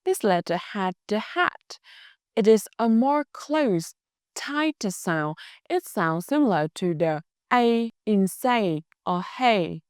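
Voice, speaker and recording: A woman's voice: mid-range voice, expressive, slow pace, clean tone, no echo, clean studio sound. A woman with a Northern Vietnamese accent, a native Vietnamese speaker teaching pronunciation in English, speaking carefully with small grammar slips. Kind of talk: language lesson narration.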